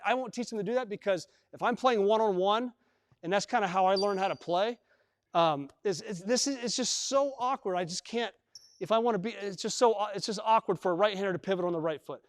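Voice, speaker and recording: A man's voice: high voice, a little fast, studio quality. A man coaching basketball at a live clinic, talking through drills and repeating himself as he demonstrates with players. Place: large indoor gym. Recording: long reverb in a gym hall.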